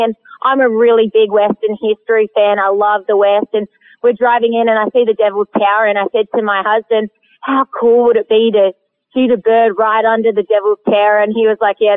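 An Australian woman tells her story in a casual, animated way, with laughter breaking through. Her voice comes down a thin, phone-like line. She sounds like a guest on a call-in show. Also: medium pitch. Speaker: guest hunter.

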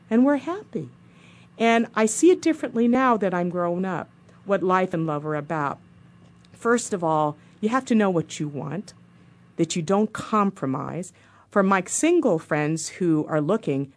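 A woman in her fifties, a doctor hosting a radio show, telling a story in a studio and acting out the quotes. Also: medium pitch. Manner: animated, acts out the quotes she tells. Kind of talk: casual storytelling monologue.

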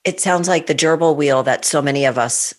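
A woman's voice: low voice, brisk. A woman hosting a podcast interview, asking friendly, curious questions in a conversational way. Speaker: podcast host.

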